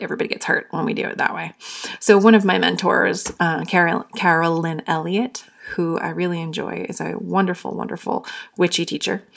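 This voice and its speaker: A young woman hosts a heartfelt solo podcast, talking earnestly in a low voice full of gravelly fry. She speaks openly and warmly to the listener and is at times close to tears.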